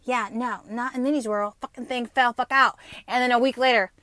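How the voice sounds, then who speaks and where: A woman's voice: a little high, fairly even intonation, fairly quick, bright, forceful tone, dry recording. A woman in her fifties, hosting her podcast and telling a personal story in a blunt, profane way with many fillers. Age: 50s. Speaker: podcast host.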